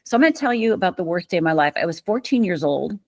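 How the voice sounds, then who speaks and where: A woman's voice: fairly low pitch, big pitch swings, quick pace, no room sound. Vivid, emphatic woman storyteller from Michigan. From Upper Michigan, USA. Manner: vivid, emphatic storyteller who acts out quoted lines. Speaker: podcast guest. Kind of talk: storytelling in an interview.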